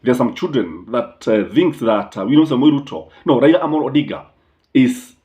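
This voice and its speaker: A man's voice: mid-range voice, animated, fairly quick, highs cut off. A man with a Kenyan accent delivering opinionated political commentary as a channel host, mixing English and Swahili with emphatic phrasing and frequent hesitant fillers.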